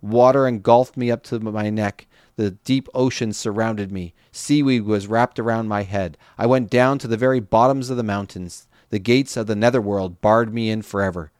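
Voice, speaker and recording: A man's voice: on the low side, fairly even intonation, moderate pace, few pauses, a little mellow, no room sound, studio quality, lightly acted. A man reading aloud as a remorseful prophet, confessing and praying in an earnest, solemn way. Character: remorseful male prophet, adult.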